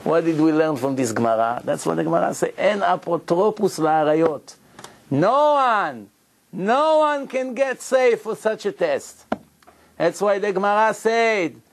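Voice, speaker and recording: A man teaching as a rabbi, telling a story with acted-out dialogue, questions to listeners and non-native English grammar. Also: sits high. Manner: animated, acts out dialogue, asks the audience questions. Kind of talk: Torah lecture with storytelling.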